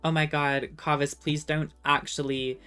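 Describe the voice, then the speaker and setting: A young woman streamer from the West Coast of North America, chatting casually with her viewers in a soft voice full of "um" pauses. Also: low-pitched, flat delivery, clear, resonant tone. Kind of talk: casual livestream chat. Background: faint background music.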